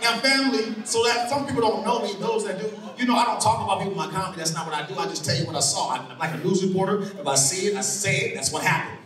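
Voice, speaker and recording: A man doing stand-up comedy at a live venue, telling stories with animated delivery and shouted punchlines. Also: high voice, fast talker, few pauses. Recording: echoey room from far off, crowd noise.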